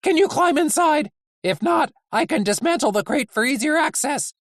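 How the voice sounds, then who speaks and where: A reader voicing a fussy, high-strung male android official who talks high, loud and hurried. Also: expressive, dry recording, clean studio sound. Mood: anxious, brisk.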